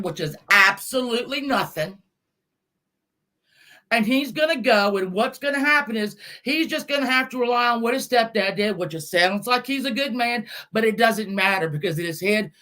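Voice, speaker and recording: A woman ranting angrily on a live stream from her car, scolding and swearing, with bursts of shouting. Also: fairly high pitch. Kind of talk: angry live-stream rant.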